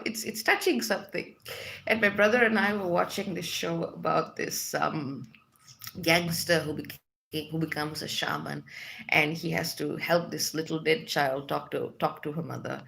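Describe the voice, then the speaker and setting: A woman's voice: low-pitched, normal speed, vocal fry, a bit bright. A woman hosting a spiritual livestream, chatting casually and reading out viewer comments with lots of fillers. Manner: chatty, reads comments aloud with many fillers.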